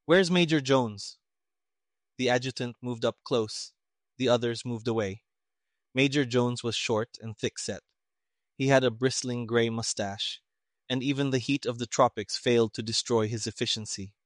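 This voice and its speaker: A man narrating an audiobook in a steady, even storytelling manner. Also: mid-range voice, normal speed, no room sound, clean studio sound.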